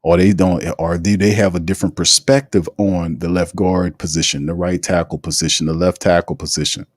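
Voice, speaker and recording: A man hosts a loose live sports show in a very low voice. He rambles and riffs on his opinions with plenty of slang, and the sound is dry and close. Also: level tone, a little fast, dry recording. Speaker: sports talk show host. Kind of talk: casual live sports commentary.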